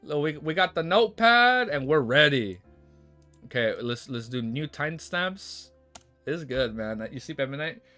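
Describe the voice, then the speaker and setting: A man's voice: fairly high pitch, animated, normal speed, sharp tone. A young man streaming, chatting casually and rambling with lots of swearing and restarts, faint music playing behind him. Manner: rambling, swears a lot, restarts and self-corrects. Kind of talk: casual livestream chat.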